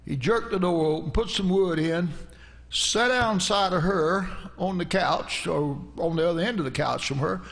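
Brief: preacher, middle-aged, gravelly voice, rambling folksy anecdotes from the pulpit. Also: male voice, high-pitched, moderate pace, fairly bright tone. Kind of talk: storytelling sermon.

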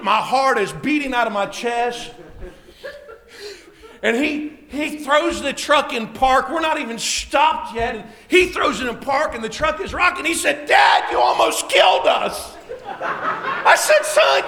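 A middle-aged man, a preacher telling a story in a sermon that builds to excited shouting. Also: very high-pitched.

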